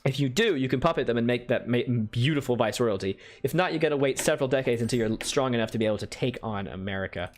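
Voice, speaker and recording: A man talks through a strategy game on a live stream in a relaxed, chatty way, explaining his plans and bantering with his chat. His voice sits at an ordinary middle pitch, and soft music plays quietly behind him. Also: fast talker, few pauses. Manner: chatty, answers viewer chat, playful asides. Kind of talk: casual gameplay commentary.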